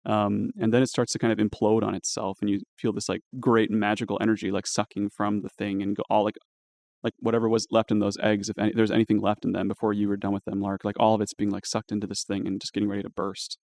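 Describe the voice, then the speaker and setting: A man's voice: fairly low pitch, flat delivery, fast, gravelly, darkish tone. A man narrating as dungeon master at a live tabletop game, talking casually with lots of fillers.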